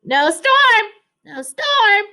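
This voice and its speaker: A woman reading a storybook aloud, voicing an excitable male duck in high, urgent calls. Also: very slow, heavily acted. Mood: excited.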